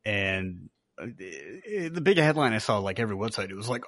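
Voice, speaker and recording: A man's voice: lowish voice, very animated, a little fast, fairly bright tone, no room sound, clean studio sound. A man co-hosting a podcast in casual chat, laid-back and hesitant with plenty of fillers. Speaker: podcast co-host.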